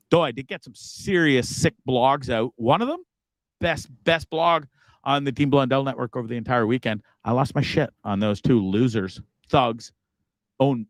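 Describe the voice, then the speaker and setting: A man's voice: medium pitch, no room sound. A man hosting a live show, talking casually with a profane, rambling manner. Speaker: host.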